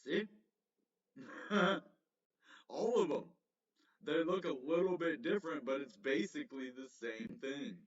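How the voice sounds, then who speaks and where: A man's voice: a little high, unhurried, long pauses. A man hosting a casual crypto livestream, rambling and correcting himself, with frequent chuckles. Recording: roomy, distant, slightly dull mic.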